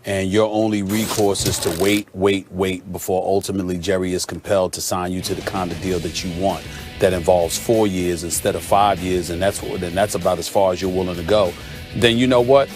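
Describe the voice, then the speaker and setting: A man's voice: sits low, fairly even intonation, brisk, music in the background. A man hosting a sports debate show, arguing his points emphatically and listing them one after another with frequent uhs.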